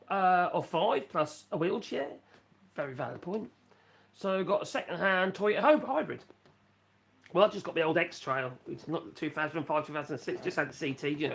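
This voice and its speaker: A man's voice: sits high, normal speed, creaky, a bit bright. A middle-aged man from Norfolk with a Norfolk accent, rambling through casual live-stream chat at home and reading chat messages aloud. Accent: Norfolk English. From England (Norfolk). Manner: rambling, chatty, self-mocking, reads chat aloud. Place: rural home in France.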